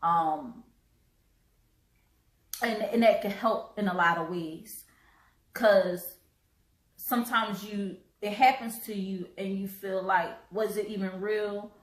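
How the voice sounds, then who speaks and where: A woman hosting a live stream, talking earnestly with halting restarts and repeated words, choked up and coughing now and then. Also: medium pitch, steady tone, echoey room, rough recording. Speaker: host.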